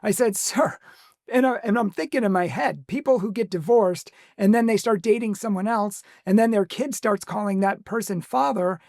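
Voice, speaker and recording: Gravelly man telling a story. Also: high-pitched, moderate pace, hardly any pauses, darkish tone, no echo, clean studio sound. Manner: recounts events with small laughs and quoted dialogue. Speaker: answers phones for a Catholic apologetics ministry. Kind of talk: casual storytelling to camera.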